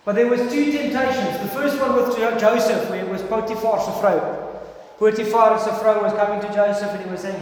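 High-voiced South African preacher in echoey hall. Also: male voice, a little fast. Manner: earnest, emphatic, swings between loud stresses and quiet asides. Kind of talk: sermon. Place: church hall. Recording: echoey hall with long reverb.

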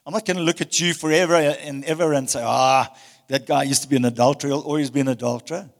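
A male pastor preaching a passionate sermon, swinging between loud emphasis and hushed tones. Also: mid-range voice, fairly even intonation, quick pace, in a large hall. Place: church hall.

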